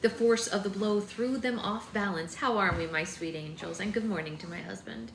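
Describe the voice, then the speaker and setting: A woman's voice: mid-range voice, normal speed, vocal fry. A woman hosting a live book club, reading a novel aloud steadily with chatty asides. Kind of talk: live-stream read-aloud. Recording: echoey room with faint noise.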